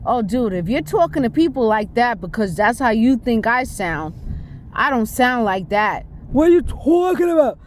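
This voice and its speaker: A New York woman delivers a casual spoken monologue in a voice on the high side. She's emphatic and rambling, firing off repeated rhetorical questions, with a little hiss or hum audible.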